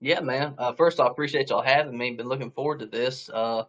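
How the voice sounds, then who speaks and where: A man's voice: mid-range voice, fairly even intonation, fairly quick, a bit bright, muffled recording. A man in his thirties from northeast Georgia with a Southern accent, a guest talking about his archery shop, easygoing and joking. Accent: Southern American. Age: 30s. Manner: easygoing, laid-back humor. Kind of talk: casual chat.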